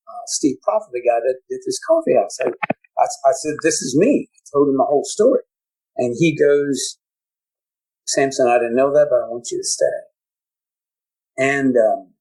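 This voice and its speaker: A man with a husky, slightly rough voice, speaking at a middle pitch. He tells a deeply personal story as a guest on a talk show, stumbling and restarting his words with feeling. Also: mellow, low-quality recording. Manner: emotional, halting, repeats words. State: choked up. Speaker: podcast guest.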